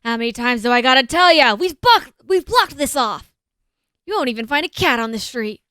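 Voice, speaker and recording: A woman voicing a brusque, impatient male street cop in a game, talking fast and pushy. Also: high voice, lively intonation, pushed and bright, clean tone, no room sound, studio quality.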